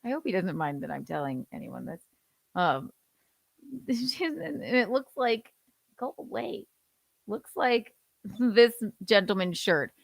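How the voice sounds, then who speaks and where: A woman's voice: a little high, animated, measured pace, creaky, dry recording. Sarcastic woman streamer, dry close sound. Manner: sarcastic, swearing, laughing asides. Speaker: livestream host. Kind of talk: casual commentary chat.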